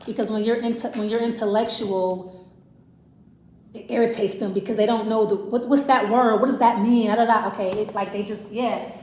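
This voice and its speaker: Woman tarot reader, casual and rambling, higher voice, roomy echo. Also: steady tone, normal speed, a little mellow. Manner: rambling, thinking aloud with restarts and self-repeats. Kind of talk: casual tarot reading to camera. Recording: echoey room.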